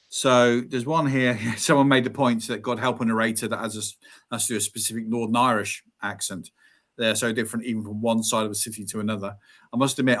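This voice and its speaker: A man's voice: lowish voice, fairly bright tone. A man hosting an interview, chatting easily and asking friendly questions. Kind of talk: conversational interview.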